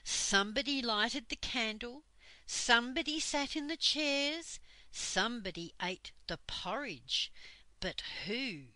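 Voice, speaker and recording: Anxious bossy moonface, read by an older woman, slow and bright, storybook. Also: fairly high pitch, animated, dry recording, voice pushed up, exaggerated voice, rough recording. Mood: anxious firm. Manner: decided, cross. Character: anxious round-faced male magic folk, bossy.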